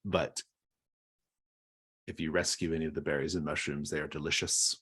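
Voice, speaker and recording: A man runs a tabletop game as game master with a very deep, husky voice. He describes scenes in an unhurried, storytelling way. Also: steady tone.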